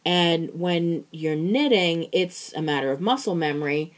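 Low-pitched gal from pittsburgh, farmer, chatting on a podcast, lots of restarts. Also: female voice, unhurried. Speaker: podcast co-host. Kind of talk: casual chat.

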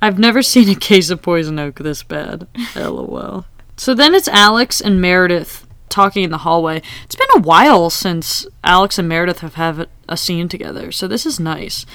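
A woman's voice: lowish voice, normal speed, smooth, dry recording. A young woman co-hosting a casual podcast, chatting and quoting characters as she recaps a TV episode. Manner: chatty, animated, quotes characters. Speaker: podcast co-host.

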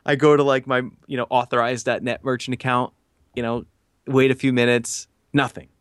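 A man in his thirties telling a business story on a podcast, animated, with many fillers and acted-out quotes. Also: mid-range voice, normal speed, clear, resonant tone, no room sound, studio quality. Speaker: podcast guest. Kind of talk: casual storytelling.

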